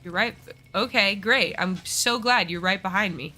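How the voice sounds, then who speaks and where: With slight background noise, a woman talks at normal speed in a mid-range, sharp-toned voice. She chats casually while streaming a game, cursing at enemies and teasing herself about her abilities.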